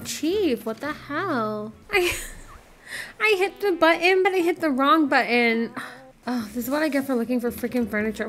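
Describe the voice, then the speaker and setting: A woman's voice: fairly high pitch, fairly bright tone. A woman hosting her gaming channel, reacting with dramatic, profane, exaggerated outbursts during casual game commentary.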